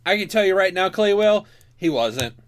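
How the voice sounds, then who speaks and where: A man co-hosting a podcast in casual chat, excitable and swearing freely. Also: sits high, moderate pace. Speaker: podcast co-host.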